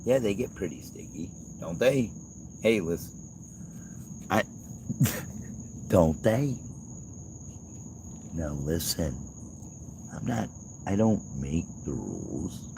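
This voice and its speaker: Man, slow-talking, gravelly voice, rambling casual chat, laughs a lot. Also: deep voice, very animated, background noise. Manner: joking, teasing, laughs often. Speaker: livestream host.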